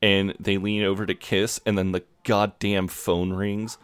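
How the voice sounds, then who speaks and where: Man, very low voice, dry sound, casual podcast chat, swears a lot. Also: flat delivery, unhurried, clear, resonant tone, no echo. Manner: swears freely, restarts often. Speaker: podcast co-host.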